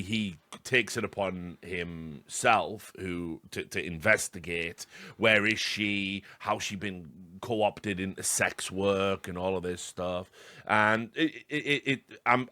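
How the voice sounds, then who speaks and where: A man's voice: low voice, pushed and bright, no room sound. A man co-hosting a film podcast, talking eagerly with many restarts. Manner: enthusiastic, halting restarts. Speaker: podcast co-host. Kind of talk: casual film discussion.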